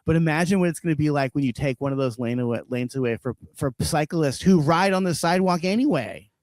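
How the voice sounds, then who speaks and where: A man's voice: fairly high pitch, fast, a little mellow, no room sound. A man co-hosting a casual podcast, ranting with heavy swearing and frequent laughter. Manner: profane ranting, laughs often. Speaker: podcast co-host.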